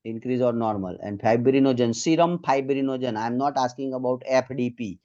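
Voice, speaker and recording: Indian guy quizzing med students on a call, mellow voice, kinda muffled audio. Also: medium pitch, a little fast. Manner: patient, drills students one item at a time. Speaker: medical exam tutor. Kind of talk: online quiz lesson.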